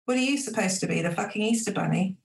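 A woman's voice: medium pitch, quick pace, natural voice. A woman reading aloud from a novel, voicing an offhand, menacing young man who is a casual lover. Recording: roomy echo.

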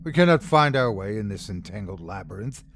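A man voicing a cold, gruff cult leader. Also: fairly low pitch, fairly quick, a little hiss or hum, voice pushed down. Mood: cold commanding. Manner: frigid monotone, gruff.

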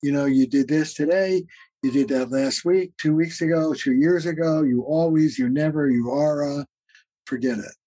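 A man's voice: fairly high pitch, normal speed, dark tone, slightly rough, no echo, poor audio. A man who is a therapist and author, a guest on a podcast interview. He explains ideas in an earnest, teaching way with many "uh" fillers and acts out quoted arguments.

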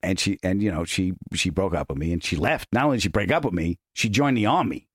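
A man hosting a podcast, telling stories in a self-mocking, animated way. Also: low voice, fast, husky, dry recording, studio quality. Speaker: podcast host. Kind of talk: casual storytelling chat.

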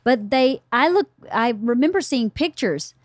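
A woman's voice: a little high, expressive, a little slow, dry recording, clean studio sound. A middle-aged woman hosting a casual book club podcast, telling family stories in a chatty way. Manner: chatty storyteller, acts out family dialogue. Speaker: podcast host.

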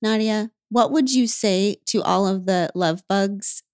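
A woman's voice: mid-range voice, a little slow, a little mellow, smooth, no room sound, clean studio sound. A woman co-hosting a podcast who speaks in an affirming way and murmurs agreement through a candid conversation. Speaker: podcast co-host.

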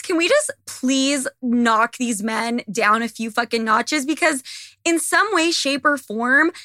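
Young woman, podcast host, blunt, profane, bright tone, dry recording, voice slightly worn. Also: high voice, no room sound. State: losing her voice. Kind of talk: casual monologue to listeners.

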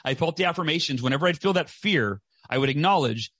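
A man's voice: on the high side, expressive, fast talker, a bit bright, dry recording. A man in his forties giving a passionate motivational interview, emphatic, repeating phrases and often asking "right?". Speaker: podcast guest, author and speaker.

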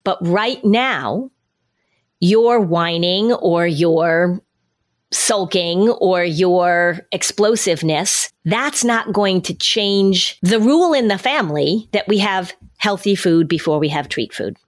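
A woman's voice: fairly low pitch, takes it slowly. Woman explaining parenting, step by step. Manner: explains step by step, acting out parent and child lines. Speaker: parenting expert guest. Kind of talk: podcast conversation.

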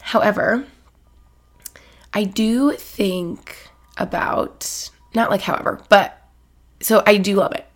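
Solo podcast host, young woman, casual and giggly, gravelly fry in the voice. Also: mid-range voice, takes it slowly, pauses often. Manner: chatty, filler-heavy, frequent laughs.

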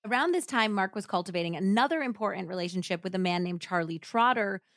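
A woman's voice: mid-range voice, expressive, quick pace, fairly bright tone, no room sound, clean studio sound. A woman hosting a podcast, telling a true-crime story casually with many fillers and laughs. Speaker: podcast host.

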